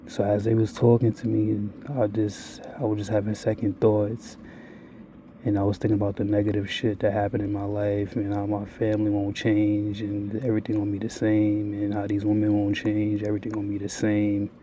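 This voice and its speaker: A man talks straight to his viewers in a blunt, rambling confessional, swearing freely. His voice sits low and very dark, with a mellow, relaxed timbre. He barely moves his pitch, staying flat and even throughout. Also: fairly quick, slight background noise. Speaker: vlogger. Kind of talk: confessional monologue.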